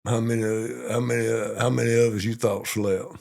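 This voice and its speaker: An older man from Georgia with a Southern drawl and a gravelly, creaky voice. He recounts his army days in a folksy, repetitive style, growing animated as the story builds. His pitch sits mid-range for a man. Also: fairly quick. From Monroe, Georgia. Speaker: police chief and interview guest. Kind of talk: storytelling in an interview.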